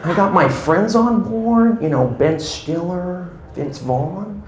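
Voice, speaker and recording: A man doing a laid-back celebrity pilot who marvels at everything in a breathy, high drawl. The voice floats up into a light, wondering register. It rings out in a small, echoey room. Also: lively intonation, slow pace. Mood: dreamy.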